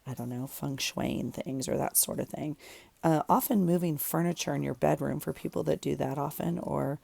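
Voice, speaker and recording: Deep, gravelly woman chatting while crafting. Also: fairly even intonation, moderate pace, mellow, no room sound. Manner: rambling, thinks aloud while working. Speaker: journaling vlogger. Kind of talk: casual chat while crafting. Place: home craft room.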